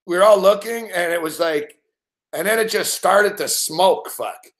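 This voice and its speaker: A man's voice: sits high, normal speed, fairly bright tone. A man hosting a sports betting show, telling rambling, profanity-laced anecdotes with frequent laughs. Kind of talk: casual storytelling on a live stream.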